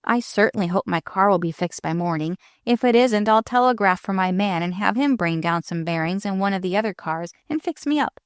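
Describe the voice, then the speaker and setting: A woman's voice: medium pitch, lively intonation, brisk, few pauses, smooth, no echo, lightly acted. Woman doing a pushy wealthy young man, smug, dry close voice. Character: rich, bored young man, condescending and pushy.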